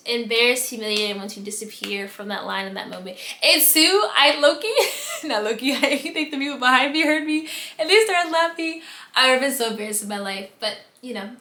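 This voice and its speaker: Woman, from the United States, storytime vlog, bright tone, echoey room. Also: on the high side. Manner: animated storytelling with dramatic replayed reactions. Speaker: vlogger.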